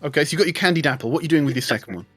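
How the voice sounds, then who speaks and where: Game master, man, light higher voice, jokey narration, soft music under. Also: expressive. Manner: jokey, puts on quick character voices.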